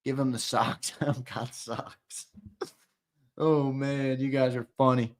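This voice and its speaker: A young man hosting a live-stream giveaway, chatting and teasing viewers in casual banter, with loud hyped countdowns between low mumbled asides. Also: little pitch movement, takes it slowly. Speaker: show host running a live-stream giveaway.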